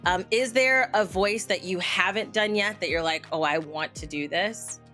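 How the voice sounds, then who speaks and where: A woman's voice: mid-range voice, normal speed, sharp tone, faint music behind. A woman hosting a podcast, asking questions in a chatty, gushing way with many fillers. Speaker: podcast host. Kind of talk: casual podcast interview.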